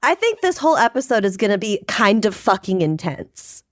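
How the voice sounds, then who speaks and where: Quick, laughing woman co-host. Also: medium pitch, big pitch swings, dry recording, clean studio sound. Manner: quick, laughing, swears casually. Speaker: podcast co-host. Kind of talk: casual chat.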